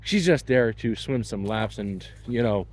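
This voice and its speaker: A man's voice: on the low side, animated, measured pace, a little mellow, slight background noise. A man in his thirties telling a personal story in a blunt, wry, casual way. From Canada. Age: 30s.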